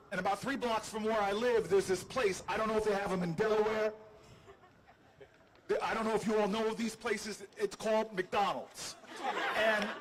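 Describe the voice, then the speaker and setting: Man, high voice, animated storyteller, self-deprecating humor, outdoor speech, faint ambience. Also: background noise. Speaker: politician hosting a livestream. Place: outdoors on building steps.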